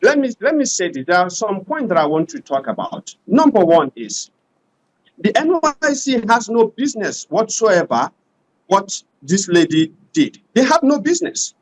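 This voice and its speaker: A man arguing forcefully as a panel guest in a debate. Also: high voice, very animated, normal speed, rough recording. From Nigeria. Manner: forceful, argumentative.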